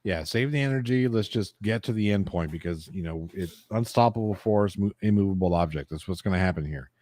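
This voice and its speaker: Deep-voiced, argumentative man on a stream. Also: brisk, a little mellow. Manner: emphatic, argumentative, profane. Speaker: livestream co-host. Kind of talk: casual chat.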